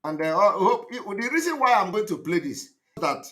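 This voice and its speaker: A man hosting an online show, delivering an impassioned commentary with repeated phrases and sudden loud outbursts. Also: sing-song, moderate pace. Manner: emphatic, repetitive, swings between loud outbursts and low asides.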